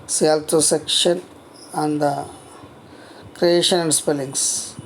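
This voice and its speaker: A lecturer teaches spelling rules at a very slow, deliberate pace. The delivery is halting, full of repeated phrases and restarts, with words spelled out letter by letter. Faint hiss sits behind the voice. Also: mid-range voice, steady tone. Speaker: college lecturer. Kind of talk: grammar lesson on spelling rules.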